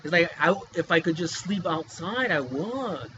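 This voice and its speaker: This man's voice is on the high side, expressive and unhurried as he delivers an emotional personal monologue on his vlog, rambling and pleading in agitation with frequent restarts and fillers. The recording sounds dull and lo-fi with audible hiss.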